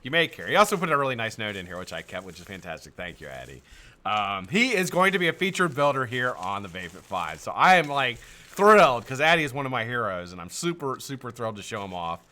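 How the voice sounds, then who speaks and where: A man's voice: medium pitch, sing-song, fast talker, bright, forceful tone. An American man hosting a live stream in casual chat, greeting viewers by name, swearing and laughing often.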